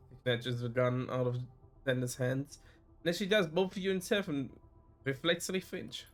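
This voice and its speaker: A man on a stream reads a narrative video game aloud, frequently stopping to fix his mistakes and start lines over. He speaks at normal speed in a medium-pitched voice with fairly even intonation.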